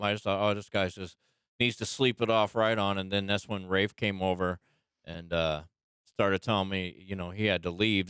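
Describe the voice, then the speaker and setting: A man from the tour crew chatting on a podcast in a relaxed, plain-spoken way. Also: fairly low pitch, clear, resonant tone, no echo, studio quality. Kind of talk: casual podcast chat.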